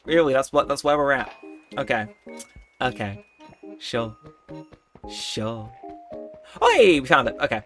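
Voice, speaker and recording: A young man chatting casually while he plays a video game, rambling, self-mocking and quick to laugh. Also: mid-range voice, fairly bright tone, soft background music. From United Kingdom. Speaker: let's play host. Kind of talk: casual gameplay commentary.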